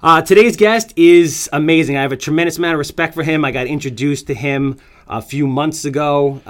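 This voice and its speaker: A man hosting a podcast, joking and self-mocking as he talks, running through promos and a guest introduction. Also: mid-range voice. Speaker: podcast host. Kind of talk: casual podcast chat.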